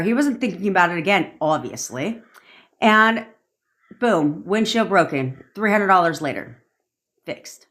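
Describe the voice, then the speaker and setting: A woman's voice: fairly low pitch, lively intonation, moderate pace, fairly bright tone. A woman, a manifestation coach, telling a story in a casual live-stream rant, swearing freely and repeating points for emphasis.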